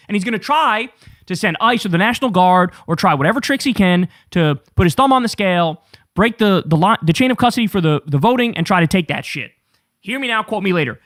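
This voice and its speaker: A man's voice: high-pitched, lively intonation, fast talker, a bit bright, dry recording, clean studio sound. A man hosting a political talk show, ranting with sarcastic, profane emphasis.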